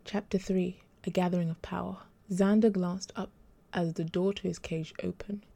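Gravelly, low-voiced woman narrating a story. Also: steady tone, moderate pace, mellow. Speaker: author reading her own story. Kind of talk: audiobook narration.

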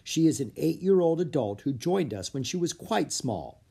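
A narrator puts on a quiet, serious man for a children's storybook, measured and matter-of-fact. The voice is slightly husky. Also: medium pitch, big pitch swings, voice pushed up, heavily acted. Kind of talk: audiobook character voice.

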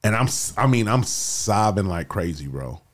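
A man telling his life story as a guest, casual and animated, often saying "bro" as he talks. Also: fairly low pitch, moderate pace. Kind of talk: emotional personal storytelling.

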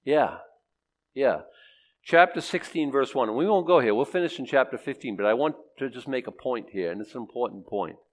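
A man's voice: mid-range voice, lively intonation, a little fast. Man preaching in a chatty teaching tone. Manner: conversational, asks and answers his own questions, acts out quotes. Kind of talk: sermon, Bible teaching.

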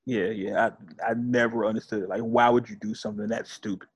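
A man's voice: on the low side, level tone, fast, breathy edge, dry recording. A man co-hosting a podcast, chatting loosely and joking with slang. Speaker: podcast co-host. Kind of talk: casual chat.

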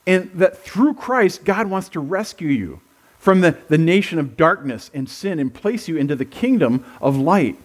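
A man with a notably high speaking voice preaches to his congregation. He is middle-aged and talks in a relaxed, conversational way. He wanders into asides and restarts his phrases as he goes. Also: normal speed, breathy edge. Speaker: pastor. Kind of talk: sermon.

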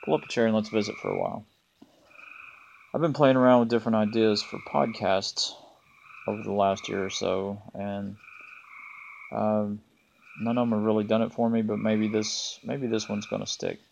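Laid-back Southern man, gravelly and low. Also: lo-fi sound, slight background noise. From American South. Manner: relaxed, laid-back, halting with many ums. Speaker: podcast host. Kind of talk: casual solo podcast monologue. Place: front porch of an off-grid cabin.

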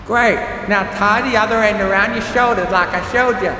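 Man playing a farm mare, high and loud, urgent country twang, traffic hum behind. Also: moderate pace, reverberant, big-room sound, low-quality recording. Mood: encouraging. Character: tough adult female farm pony, protective older sister.

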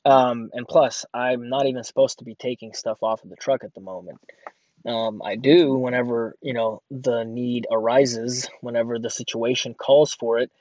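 A man's voice: mid-range voice, steady tone, moderate pace, darkish tone, no room sound. A man who works at a grocery store, rambling through a sarcastic casual rant with lots of fillers. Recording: dull lo-fi dry audio.

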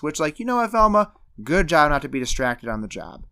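Man, podcast co-host. Casual, animated chat, a slightly high voice, and he jumps into character lines while telling the story. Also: brisk. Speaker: podcast co-host recapping a movie.

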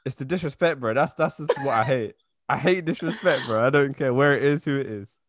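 A young man, co-hosting a podcast in relaxed, joking chat and steering the conversation. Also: mid-range voice, a little fast, dry recording, studio quality. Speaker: podcast co-host. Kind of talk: casual chat.

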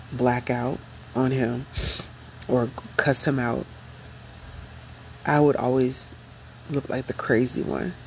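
Young woman, unhurried and emotional, gravelly edge, confessional vlog. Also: extremely low pitch, darkish tone, slight background noise, rough recording. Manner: slow, reflective, emotional. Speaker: vlogger.

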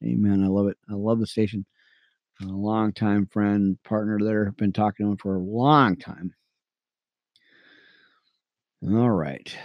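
A man teaching the Bible on radio, reading verses aloud between excited, chatty asides to his listeners. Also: fairly low pitch, a little slow, pauses often, no room sound, dull audio. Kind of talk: reading scripture with commentary.

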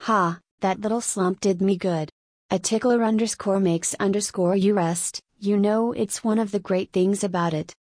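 A woman's voice: mid-range voice, steady tone, a little mellow, no room sound, lightly acted. Woman narrator doing a tired, fussy older-middle-aged man; dry read. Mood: brisk. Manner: tired and yawning, then briskly cheerful.

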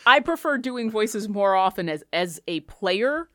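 A woman talking casually as a podcast co-host and game master, chatty and animated with quick asides. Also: mid-range voice, no room sound, studio quality. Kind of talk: casual chat.

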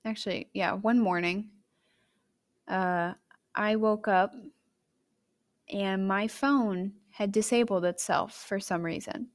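Hosting her podcast, a young woman shares something personal with her audience in a frank, conversational way. Her voice is mid-pitched with fairly even intonation, yet it swings suddenly in pitch and loudness with emotion, and she speaks slowly, pausing often.

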